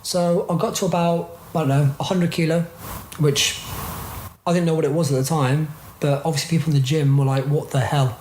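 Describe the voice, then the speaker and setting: A man, a podcast guest telling his story in a lively, casual way, full of "like" fillers. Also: a little high, fairly quick. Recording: roomy recording with faint noise.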